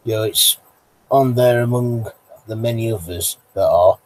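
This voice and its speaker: A man's voice: on the low side, measured pace, a little mellow, low-quality recording. A man hosting a casual livestream, reading chat messages aloud and chatting with frequent ums and restarts. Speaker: livestream host. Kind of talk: casual live-chat commentary.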